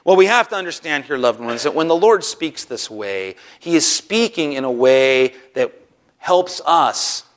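A man preaching a sermon to his congregation, animated, often rising sharply in pitch and loudness to stress a point. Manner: animated preaching, voices Bible figures with sarcasm; rises sharply in pitch and volume for emphasis. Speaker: pastor.

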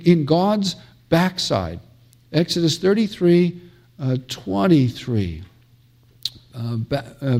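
Middle-aged american guy lecturing on theology, slightly high voice, lots of uh and restarts, acts out quotes. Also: darkish tone. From United States. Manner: emphatic, many fillers and restarts, dramatic quoting.

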